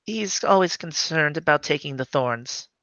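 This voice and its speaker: A tabletop role-play player who talks slowly and hesitantly, with many fillers, in and out of character. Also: mid-range voice, lively intonation, pushed and bright, no room sound, highs cut off.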